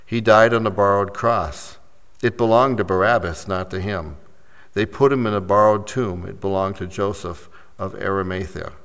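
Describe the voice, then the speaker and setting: A man preaching a sermon as pastor, rising to emphatic points and dropping softly after them. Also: on the low side, steady tone, moderate pace. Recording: long reverb of a large hall.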